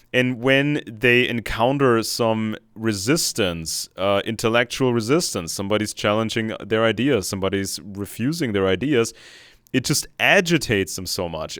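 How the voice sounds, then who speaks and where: A man's voice: on the low side, fairly bright tone, dry recording, studio quality. A man talking earnestly in a video call conversation, often searching for his words mid-sentence.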